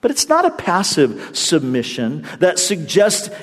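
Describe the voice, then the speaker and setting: Man, pastor, sermon, animated storytelling, acted-out quotes, high voice, long hall reverb. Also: a little slow.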